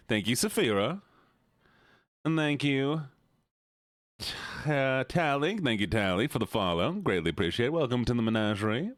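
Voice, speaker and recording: Man, streamer, casual chat, playful, lively intonation, dry sound. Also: mid-range voice, moderate pace, no room sound. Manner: playful, laughs often, thanks viewers.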